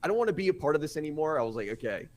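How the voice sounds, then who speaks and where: A young man telling a personal story on a podcast, animated and often stumbling over his words as he acts out what others said. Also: on the high side, very fast, a crowd in the background. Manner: animated, acts out quotes with voices; stammers and restarts often. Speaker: podcast guest. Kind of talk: casual storytelling.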